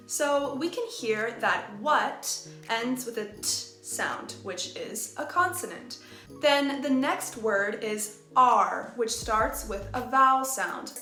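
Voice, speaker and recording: A woman with a fairly high voice gives a scripted pronunciation lesson and speaks clearly and deliberately. She slows down whenever she demonstrates a phrase. The room sounds roomy, with faint music behind her. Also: lively intonation, sharp tone. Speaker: English teacher.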